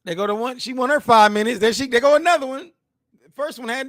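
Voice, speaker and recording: A man in his forties reacting to news clips as host, animated, emphatic and mocking, full of slang. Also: extremely high pitch, fast talker, dry recording, clean studio sound.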